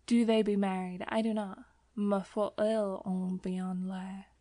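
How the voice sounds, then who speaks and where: A woman's voice: medium pitch, flat delivery, measured pace, mellow, no room sound, natural voice. Cheerful gossiping café woman in a storybook, musing asides, read by a woman.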